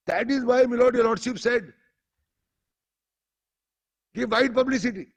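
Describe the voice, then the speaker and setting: A man's voice: very high voice, unhurried, long pauses, husky. A man with an Indian English accent arguing before a court, formally calling the judges "my lord" at nearly every turn and reading passages aloud from a judgment. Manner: formal, addresses the bench as "my lord" constantly. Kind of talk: courtroom argument.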